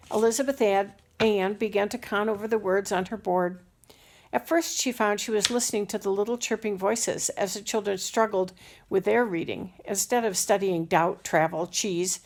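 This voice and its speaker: Woman, audiobook narrator for a children's classic, mid-range voice with vocal fry. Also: mid-range voice. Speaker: audiobook reader. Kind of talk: scripted narration of a children's novel.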